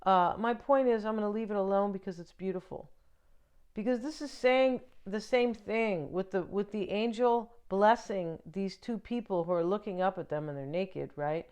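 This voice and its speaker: A woman talks through a tarot spread in a relaxed, rambling way, leaning on fillers and friendly check-ins. Her voice is smooth and clear, and her pitch sits right in the middle. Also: moderate pace. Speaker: tarot reader. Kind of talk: casual tarot reading for viewers.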